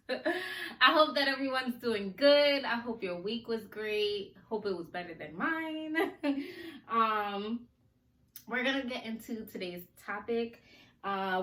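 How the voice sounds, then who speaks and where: A woman hosting a casual podcast, chatty and animated, laughing often and talking to listeners in slang, her speech a little slurred from a sore mouth. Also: on the high side. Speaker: podcast host. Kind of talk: casual chat. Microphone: recorded on video for a podcast. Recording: roomy echo, faint ambience.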